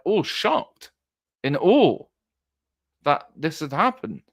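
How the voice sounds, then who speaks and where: A man giving an earnest livestream monologue, halting and restarting as he talks. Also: on the high side, fairly bright tone, dry recording, clean studio sound. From Britain. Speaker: political streamer.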